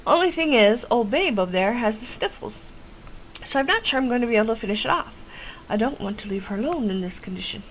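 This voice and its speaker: A woman's voice: on the high side, animated, quick pace, a little hiss or hum, close to an everyday voice, low-quality recording. A woman voicing a chatty old witch who brews potions and talks in a folksy, rambling way. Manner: folksy, rambling, ends lines with "cha".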